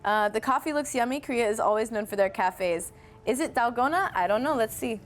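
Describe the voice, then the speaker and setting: A woman's voice: a little high, a little fast, a little hiss or hum. A young woman from North Carolina, hosting a casual live-stream chat, friendly and chatty, reading viewer comments aloud. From North Carolina, USA. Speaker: host.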